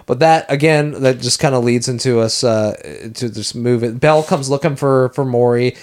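A man's voice: medium pitch, moderate pace, a little mellow. A man co-hosting a podcast, casually recapping a film in a rambling way and acting out lines from it. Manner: rambling, acts out quoted lines. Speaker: podcast co-host.

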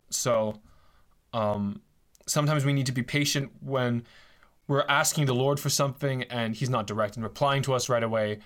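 A young man in his twenties hosts a casual podcast. He talks in a relaxed, playful way. His voice sits at a middle pitch. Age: 20s. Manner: playful, reading scripture aloud. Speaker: podcast host.

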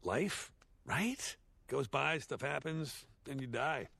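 A gravelly, sardonic horse, BoJack. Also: male voice, mid-range voice, expressive, slow pace, bright, forceful tone, no room sound, exaggerated voice. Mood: awkward. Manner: sardonic, rambling, self-deprecating jokes. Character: washed-up male horse sitcom star, sardonic, self-loathing. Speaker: eulogy speaker. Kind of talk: animated series dialogue, comic monologue.

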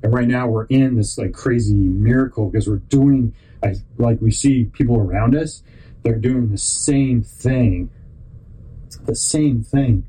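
A man's voice: mid-range voice, husky, low-quality recording. Rambling man hosting a faith podcast. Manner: rambling, halting, self-interrupting; animated storyteller. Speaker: podcast host. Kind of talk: rambling faith-based motivational talk.

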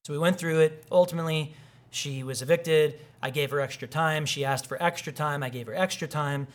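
A man's voice: a little high, fairly quick. A male pastor giving a conversational sermon, telling personal stories and acting out quoted people. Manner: conversational, animated, acts out quoted voices.

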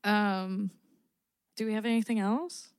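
A woman's voice: medium pitch, fairly even intonation, a little slow, clear, resonant tone, no echo. Candid young woman, dry close sound. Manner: candid storytelling, laughs often. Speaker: podcast co-host. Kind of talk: casual chat.

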